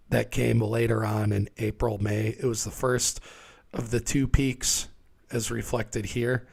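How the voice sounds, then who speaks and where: Hoarse, gravelly-voiced sick man. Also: mid-range voice. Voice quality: raspy. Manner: conversational, talks through charts. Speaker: livestream host. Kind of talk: casual market commentary.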